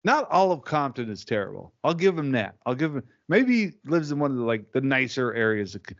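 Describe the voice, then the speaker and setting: Male co-host, wry banter, mid pitch, slightly dull lo-fi sound. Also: very animated, fairly quick. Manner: wry, laughing banter with short interjections. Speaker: podcast co-host. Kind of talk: casual comedy podcast chat.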